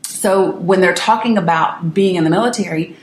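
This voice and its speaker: A middle-aged woman with a lowish voice tells her viewers a personal story, earnest and emphatic, often stopping to restart a sentence. The room around her gives her voice a roomy echo. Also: moderate pace. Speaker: host.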